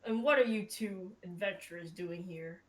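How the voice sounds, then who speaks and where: A woman voicing a huge, menacing male stone-skinned thug who talks in a flat monotone. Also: moderate pace, a crowd in the background, natural voice, low-quality recording. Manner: monotone, deep-voiced.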